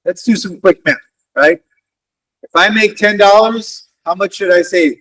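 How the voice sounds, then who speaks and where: A man's voice: sits high, measured pace, fairly bright tone. A man giving a motivational career talk to students, engaging them and often checking in with "okay?" and "right?". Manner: addresses listeners as "guys". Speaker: guest career speaker, wealth advisor. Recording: distant mic on a virtual event.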